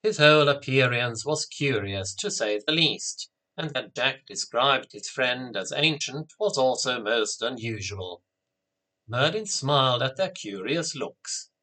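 A man narrating a children's story in a steady, clear reading voice. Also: mid-range voice, a little slow.

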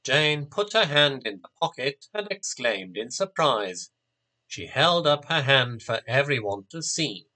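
Slow, expressive male storyteller. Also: medium pitch. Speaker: narrator. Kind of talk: storybook reading.

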